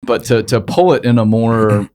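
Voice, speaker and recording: A man's voice: medium pitch, moderate pace, darkish tone, no room sound, studio quality. A man hosting a podcast, talking in a blunt, candid way and swearing casually. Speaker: podcast host.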